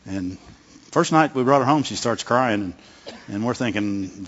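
A man's voice: on the low side, animated, a little slow, fairly bright tone. A middle-aged male pastor giving a conversational sermon, often repeating words and asking the congregation "Amen?". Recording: long hall reverb, dull lo-fi sound.

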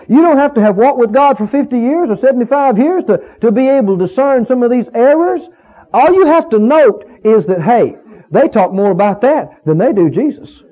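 A man's voice: very high voice, husky, phone-quality sound. A man preaching a sermon in a church, emphatic, repeating key words and rising on exclamations. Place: church sanctuary.

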